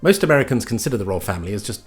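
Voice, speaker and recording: A man's voice: fairly low pitch, sing-song, very fast, faint music behind. A man with a British accent delivering a scripted comic monologue with dry, sardonic mock outrage. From Britain. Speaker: comedy host.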